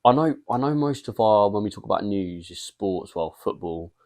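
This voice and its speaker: A young adult Englishman co-hosts a relaxed podcast chat, telling rambling stories and laughing a lot. His lowish voice is animated and darkish in tone, at normal speed.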